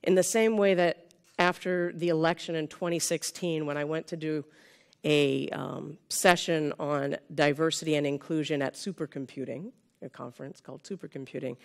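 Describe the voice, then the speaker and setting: A woman's voice: low-pitched, fairly even intonation, normal speed, gravelly. A woman in her fifties from California gives a conference keynote in a conversational way, often checking in with the audience with "right?". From Sonoma County, California. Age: 50s. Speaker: keynote speaker. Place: conference room with a live audience.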